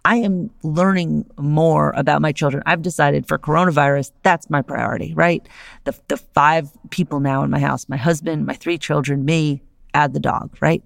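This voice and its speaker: Middle-aged woman, solo podcast host, low and gravelly, lively and chatty. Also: moderate pace, dry recording, clean studio sound. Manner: animated, conversational, often asks "right?". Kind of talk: solo podcast monologue on philosophy.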